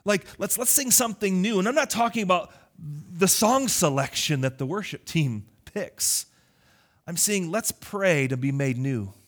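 A male pastor preaching a lively, conversational sermon, teasing his congregation. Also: high-pitched, measured pace.

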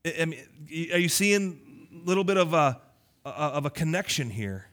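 High-voiced, playful male pastor preaching. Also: normal speed. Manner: animated, conversational preaching with playful teasing. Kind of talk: sermon.

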